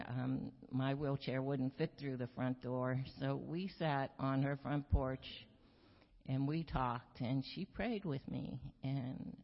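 An older woman giving a personal testimony, halting and slow with many pauses and repeated words. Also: rumbling low. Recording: echoey hall, muffled sound.

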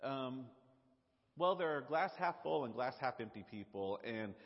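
Animated, husky-voiced male preacher. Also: medium pitch, a little slow. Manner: animated, conversational, with fillers and repetition. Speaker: pastor. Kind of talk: sermon. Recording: dull lo-fi sound, long hall reverb.

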